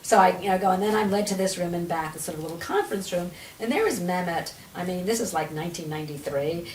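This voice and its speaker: A woman, an energy healer and author, is a guest on a podcast interview, telling a story with energy and acting out the dialogue she quotes. Her fairly low voice moves at a quick pace. The room is echoey, she's a little far from the mic, and there's a little hiss or hum.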